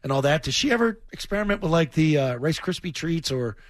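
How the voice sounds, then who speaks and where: A man's voice: a little high, lively intonation, fairly quick, dry recording, clean studio sound. A man co-hosting a sports talk radio show, talking in a loose, rambling, jokey way. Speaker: radio co-host. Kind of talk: casual sports radio banter.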